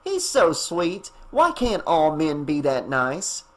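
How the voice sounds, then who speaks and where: A man's voice: on the high side, wildly swooping pitch, takes it slowly, fairly bright tone, exaggerated voice. Man doing a brash, teasing woman. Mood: breezy. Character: brash, joking woman babysitter, thirties.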